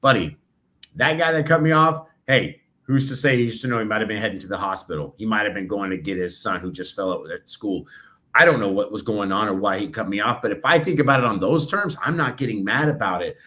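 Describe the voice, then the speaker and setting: A man co-hosting a podcast, telling stories with high energy and acting out what other people said. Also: fast, sharp tone. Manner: high-energy storytelling, acts out others' lines. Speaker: podcast co-host. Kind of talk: casual podcast chat.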